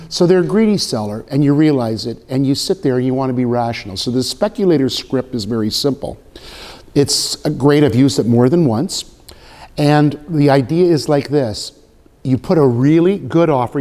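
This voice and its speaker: An older man speaking as guest at a live event, telling blunt, animated anecdotes and acting out dialogue. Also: on the high side. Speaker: guest speaker, veteran realtor. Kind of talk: storytelling talk before a live audience. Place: event room. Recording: long hall reverb.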